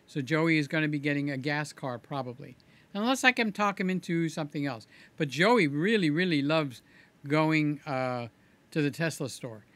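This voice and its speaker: A man with a bright, forceful, fairly high voice chats loosely through a livestream, reading viewer comments aloud. He rambles and repeats himself, and his words come out a little slurred. The sound is dry and close. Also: normal speed, no room sound. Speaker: livestream host.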